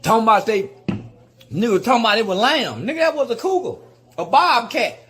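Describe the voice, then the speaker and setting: A man delivering a loud, profane rant in a video clip, repeating his insults over and over. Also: very high voice, big pitch swings, a little fast, breathy edge. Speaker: guest commentator in a played clip.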